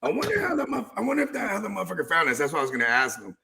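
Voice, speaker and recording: A man's voice: high-pitched, wildly swooping pitch, very fast, creaky, pushed and bright. A man co-hosting a podcast, joking loosely and swearing while chatting over a game. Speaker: podcast co-host. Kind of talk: casual game-watching chat.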